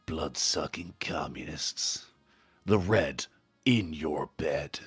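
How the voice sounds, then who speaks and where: A man voicing an epic movie trailer narrator in a slow, low, half-whispered dramatic delivery. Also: breathy edge, no room sound, faint music behind, exaggerated voice. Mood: ominous.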